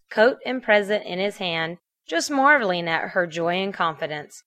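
A woman's voice: medium pitch, a bit bright. Woman reading a fan fiction story.

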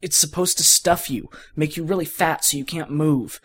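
A man's voice: a little high, moderate pace, slightly rough. A man reading a fan fiction audiobook, voicing a whiny, desperate young male supervillain who pleads and strains. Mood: pleading.

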